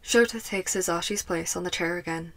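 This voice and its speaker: A woman narrates a fan fiction audiobook with a soft, even delivery. Her voice sits a little low for a woman. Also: fairly quick. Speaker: podfic reader. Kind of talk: scripted narration.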